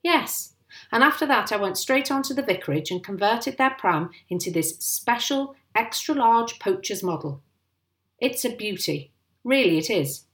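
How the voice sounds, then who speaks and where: A woman's voice: medium pitch, animated, moderate pace, lightly acted. A woman reading aloud and voicing a proud, sly father who talks in a conspiratorial, pleased way. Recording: roomy echo.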